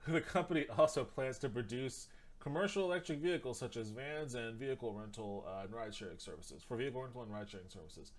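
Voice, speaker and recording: A man's voice: mid-range voice, a little fast. Man reading news aloud on a stream. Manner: reads articles aloud and breaks off for blunt, profane asides; stumbles and restarts while reading. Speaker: livestream host. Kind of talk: casual livestream commentary, reading news aloud.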